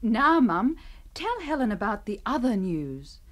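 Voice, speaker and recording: An actress playing a kind, chatty young Australian wife in a scripted radio drama for English learners, speaking slowly and clearly. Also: female voice, on the high side, big pitch swings.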